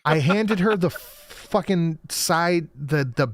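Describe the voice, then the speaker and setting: A man's voice: a little high, takes it slowly, slight background noise. A man telling a story in casual chat, profane and exasperated.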